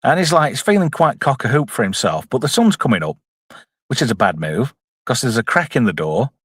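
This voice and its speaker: A man's voice: medium pitch, big pitch swings, brisk, a bit bright, husky, no room sound, clean studio sound. A man giving jokey, casual live commentary on a film and reading out chat messages. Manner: jokey, reads out chat, puts on silly voices. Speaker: streamer reviewing a film.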